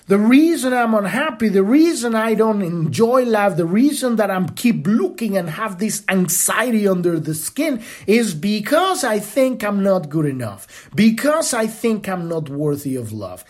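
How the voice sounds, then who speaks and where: A man's voice: high-pitched, big pitch swings, a little slow, hardly any pauses. A man hosting a podcast, giving an impassioned spiritual teaching monologue in a casual tone with blunt profanity. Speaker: podcast host.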